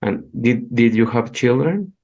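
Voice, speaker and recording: A man's voice: medium pitch, lively intonation, a little slow, warm tone, muffled recording. A man hosting a podcast, thoughtful and searching for his words, whose first language is Spanish. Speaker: podcast host. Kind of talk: casual conversation.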